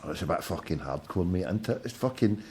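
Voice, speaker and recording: Against a crowd in the background, this Scottish podcast host from Glasgow, in his forties, talks quickly and expressively in a low voice. He runs a late-night call-in chat show, swearing liberally and trading combative banter with callers.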